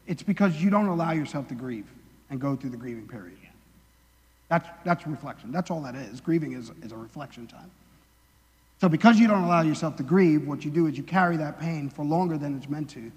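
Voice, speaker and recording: A man's voice: fairly high pitch, animated, fairly quick, a little mellow. A male preacher giving a casual sermon, chatty and full of "like" and jokey asides. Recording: long reverb of a large hall.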